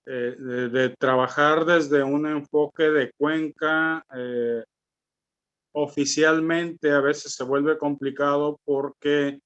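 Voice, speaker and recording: Man, careful comment, pauses, slightly muffled call. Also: medium pitch, fairly bright tone. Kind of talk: brief comment in online meeting.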